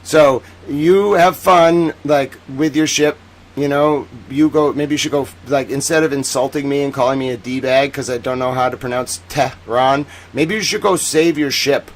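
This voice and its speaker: A man hosting a livestream news commentary, theatrical and sarcastic, swinging between booming declarations and low mutters. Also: normal speed. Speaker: host. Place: home studio in Boston.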